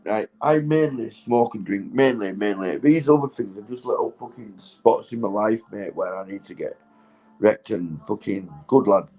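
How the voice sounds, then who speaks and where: A man's voice: lowish voice, normal speed, dark tone, low-quality recording. Rambling stoned man, swearing. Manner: rambling, heavy swearing, laughs often. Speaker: vlogger. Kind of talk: casual rambling monologue.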